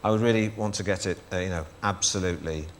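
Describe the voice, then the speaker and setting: A man from Manchester with a Northern English accent, a comedian guest talking on a chat show with halting restarts and dry understatement. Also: sits low, slight background noise. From Manchester, England. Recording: TV studio with audience.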